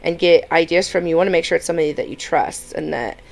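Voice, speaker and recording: A woman's voice: low voice, quick pace, vocal fry, a little mellow. A woman hosting a reaction video, commenting in an easygoing, conversational way with asides. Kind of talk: casual commentary.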